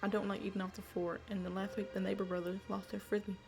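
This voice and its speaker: A meek, beaten-down boy, as a woman puts him on in a horror game, talking nervously and eager to please. The voice has a gravelly edge at middle pitch. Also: flat delivery, fast, over music, lightly acted.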